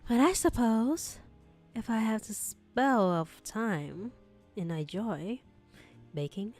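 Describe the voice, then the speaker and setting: A woman's voice: a little high, slow, soft background music. A woman voicing a polite, formal wealthy young man with a put-on British accent, reading a script for voice acting practice. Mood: rueful. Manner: courteous, formal, gently flattering.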